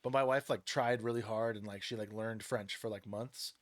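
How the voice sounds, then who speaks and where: A man in his thirties hosting a casual chat, telling stories in an animated way, laughing and swearing freely. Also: fairly low pitch, normal speed, no room sound. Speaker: podcast host.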